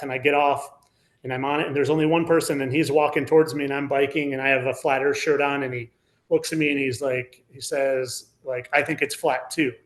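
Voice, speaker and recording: A man in his forties, a podcast guest telling a personal story in a rambling, casual way, full of "like" fillers. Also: medium pitch. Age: 40s.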